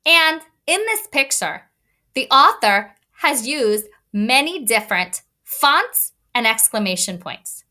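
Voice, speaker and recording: Woman, teacher, lively pitch swings, slow pace, reading lesson for young kids. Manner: animated, expressive teacher voice addressing kids. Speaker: elementary school teacher. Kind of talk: online read-aloud lesson for young children.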